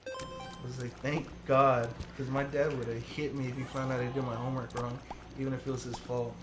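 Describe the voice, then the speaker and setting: A man's voice: mid-range voice, level tone, fairly quick, reverberant, over music. A man in his early twenties chatting casually, telling rambling stories and swearing freely. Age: 20s. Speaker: streamer. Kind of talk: casual chat.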